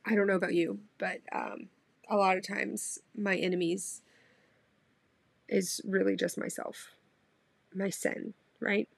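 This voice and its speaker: A woman's voice: lowish voice, level tone, unhurried, gravelly, slightly rough, no room sound. A woman hosting a faith podcast, talking casually and earnestly about prayer. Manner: earnest and heartfelt. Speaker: podcast host. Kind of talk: casual devotional talk.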